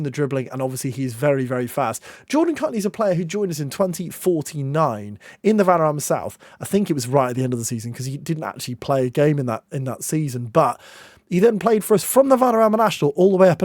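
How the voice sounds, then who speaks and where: A young man commentating on his own football management game, excitable, with groans and shouts at near misses and goals. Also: fairly high pitch, no echo, studio quality. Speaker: gaming YouTuber.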